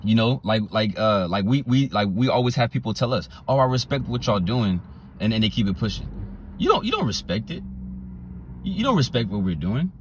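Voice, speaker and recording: Animated man preaching with lively pitch. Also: slight background noise. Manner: animated, repeats phrases, reads verses slowly. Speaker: street preacher. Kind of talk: sermon with scripture reading.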